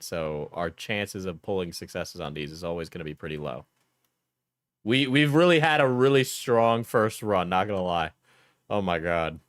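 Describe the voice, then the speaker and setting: Man streamer doing unhurried reaction commentary, joking with chat, on a dry close mic. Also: fairly low pitch, fairly bright tone, no room sound. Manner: joking, laughs often, talks to chat. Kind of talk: casual livestream reaction commentary.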